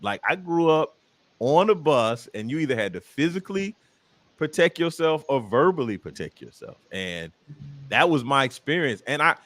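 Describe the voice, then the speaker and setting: A Southern American man chats as a comedian guest, his pitch swooping up and down as he tells stories. He talks in a jokey way. The sound is dry, with no room echo. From Southern United States. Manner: animated storyteller, jokey. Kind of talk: casual interview chat.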